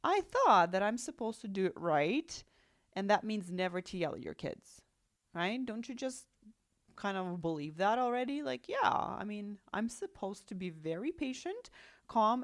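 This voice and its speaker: A woman's voice: medium pitch, big pitch swings, normal speed, dry recording, studio quality. A woman with a Russian accent hosting a solo podcast as a life coach, talking in a reassuring, conversational way and often checking in with "right?" and "okay?".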